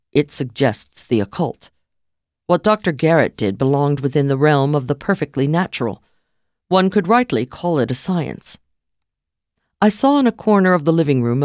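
A woman's voice: deep voice, a little mellow, no room sound. Woman narrating dryly and wryly. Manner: dry, wry first-person telling. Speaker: audiobook narrator. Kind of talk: scripted narration.

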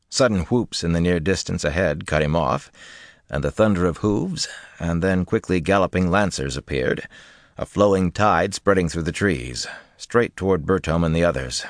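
A man reading a fantasy novel aloud as an audiobook narrator, measured and expressive. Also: deep voice, dry recording, studio quality.

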